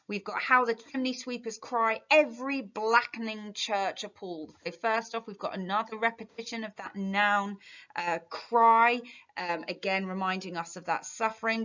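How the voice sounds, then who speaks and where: A woman with an English accent, a literature teacher giving a revision lesson with clear, emphatic explanations. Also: medium pitch, pushed and bright. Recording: dull lo-fi sound.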